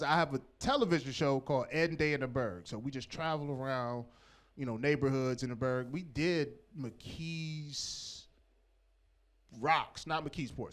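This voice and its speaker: A man doing a loud, profane stand-up set on a comedy club stage, working the crowd. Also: on the high side. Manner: loud, animated, profane storytelling with crowd work.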